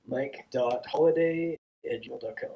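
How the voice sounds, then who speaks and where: A man playing in a streamed tabletop game, chatting casually and making quick offhand remarks. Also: a little high, steady tone, highs cut off. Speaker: player.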